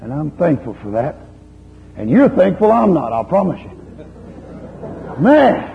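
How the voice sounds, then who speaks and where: A man preaching a sermon, telling a story in a lively, folksy way and chiding his listeners. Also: fairly high pitch, moderate pace, creaky. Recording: dull lo-fi recording with faint hum.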